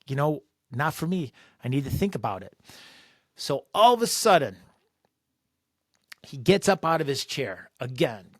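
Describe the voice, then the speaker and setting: Animated storytelling man, dry close mic. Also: mid-range voice, no room sound. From Chicago, USA. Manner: animated, acts out dialogue, frequent fillers. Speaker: author and podcast host. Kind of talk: storytelling monologue. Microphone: close podcast mic.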